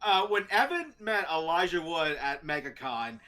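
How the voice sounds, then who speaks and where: A talk show host telling a story in a casual, animated way and laughing often. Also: mid-range voice, moderate pace.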